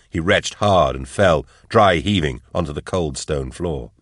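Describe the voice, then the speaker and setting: A man narrating an audiobook chapter in measured, even storytelling. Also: very deep voice, no echo, clean studio sound. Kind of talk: scripted narration.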